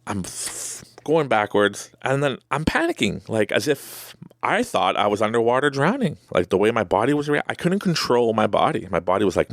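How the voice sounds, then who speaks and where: A man's voice: on the low side, very animated, fairly quick, creaky, hardly any pauses, fairly bright tone, no echo, studio quality. A man hosting a podcast, telling a personal story casually and with animation, acting out his own reactions and laughing often. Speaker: podcast host.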